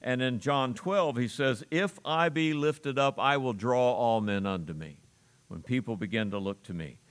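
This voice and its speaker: Guy pastor preaching slow and careful, leans hard on key words. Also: mid-range voice. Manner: measured preaching with emphatic word stress. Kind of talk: sermon.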